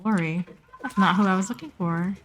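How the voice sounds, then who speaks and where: A woman streamer giving casual, chatty commentary while playing a game, talking to herself with playful asides and sudden excited squeals. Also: mid-range voice, a little fast, slight background noise.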